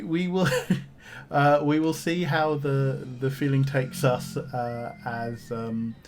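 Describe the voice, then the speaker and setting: Chatty man playing a game. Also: medium pitch. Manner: chatty, reads on-screen text aloud with asides. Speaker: streamer playing a video game. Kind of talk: casual game let's-play commentary.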